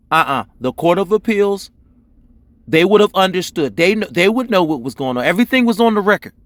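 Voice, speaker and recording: Male reaction streamer, high voice, dry close sound; loud, exasperated, yells and curses. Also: no room sound. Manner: loud, exasperated, yelling and cursing. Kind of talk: angry live reaction commentary.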